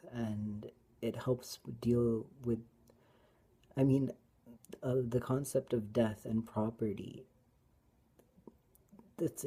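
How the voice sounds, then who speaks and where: A tearful woman sharing a personal Bible reflection in a halting, hesitant way, often dropping to a whisper. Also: a bass voice, breathy edge. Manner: halting, hesitant, with many restarts; soft-spoken, often drops to a whisper. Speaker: vlogger.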